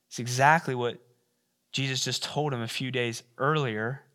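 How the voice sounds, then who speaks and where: A male pastor preaching a sermon, retelling the story in a casual, animated way with playful asides. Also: medium pitch, moderate pace.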